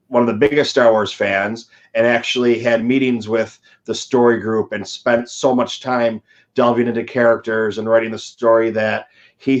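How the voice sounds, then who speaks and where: Rambling man on dull lo-fi audio. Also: medium pitch. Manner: rambling, with fillers and quoted asides. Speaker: live chat host. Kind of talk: casual fan chat.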